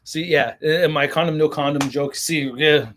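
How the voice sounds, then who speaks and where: This toy collector host speaks at a moderate pace in a slightly high, a bit bright voice with fairly even intonation, with a little hiss or hum in the background. During his casual livestream he reads viewer comments, cracking profane, rambling jokes with many restarts.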